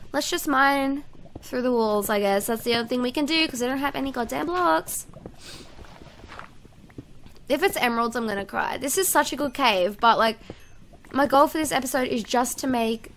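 A woman giving casual let's-play commentary, excitable and chatty, talking to herself and her viewers as she plays. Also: sits high, slight background noise. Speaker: gaming YouTuber.

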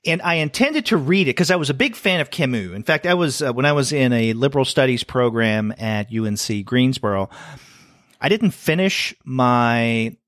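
A middle-aged man co-hosts a casual comics review podcast, chatting and thinking aloud with fillers and restarts. His mid-range voice is animated, a bit bright, and moderately paced. The recording is dry with clean studio sound.

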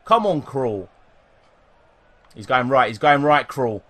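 A young British man commentating live on his own football video game, excitable and swearing at the play. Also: medium pitch, takes it slowly. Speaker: gaming YouTuber.

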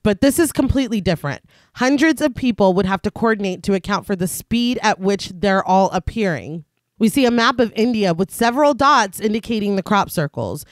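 A woman's voice: medium pitch, lively intonation, brisk, no echo, studio quality. A woman co-host of a podcast, narrating a film's plot in a casual recap and laughing often.

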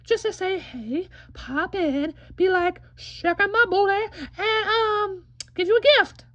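A woman's voice: extremely high pitch, slow, a bit bright, no room sound, lo-fi sound, exaggerated voice. A woman voicing a brash, foul-mouthed young sister in a comedy puppet show, crass and sassy.

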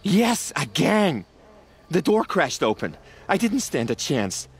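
A man's voice: on the high side, big pitch swings, takes it slowly, slightly rough, heavily acted. An actor playing a selfish, complaining male village healer in a game, speaking with indignant drama. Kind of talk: game character dialogue.

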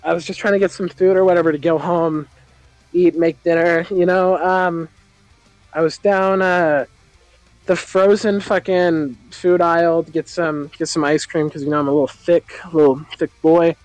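A man talking as a guest on a livestream, telling stories in a halting, stammering way. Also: on the high side, steady tone, darkish tone, no echo, faint music behind, rough recording. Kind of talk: casual chat, telling anecdotes.

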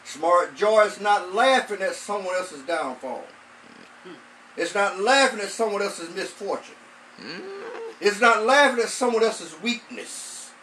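A man's voice: sits high, sharp tone, distant mic, slight background noise, poor audio. A man, a pastor, preaching a sermon, repeating phrases and stretching out words for emphasis. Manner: repetitive emphatic preaching, drawn-out stresses.

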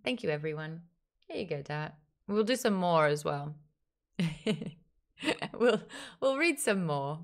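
A woman's voice: lowish voice, very animated, takes it slowly, long pauses. A woman streaming live, reading chat messages and a book aloud in a playful, giggly way.

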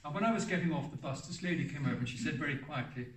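A man's voice: fairly high pitch, lively intonation, rapid-fire, hardly any pauses. A man in his seventies giving a rambling, anecdotal talk about his life as a hermit, often restarting and correcting himself mid-sentence. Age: 70s. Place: hall for a public talk. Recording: roomy sound from a distant mic.

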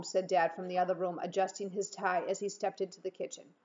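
A woman teacher reading a novel aloud in a steady storytelling manner. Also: on the low side, a little fast. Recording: dull muffled recording.

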